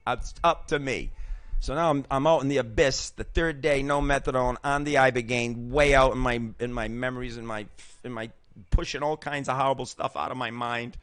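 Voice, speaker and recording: An older man in his sixties tells his own hard story as host, fired up and motivational, with blunt swearing and stumbling restarts. His voice sits at an ordinary middle pitch. The sound is dry and close, with no room echo. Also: fairly even intonation, fairly quick, a bit bright, clear, resonant tone. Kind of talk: personal recovery testimony.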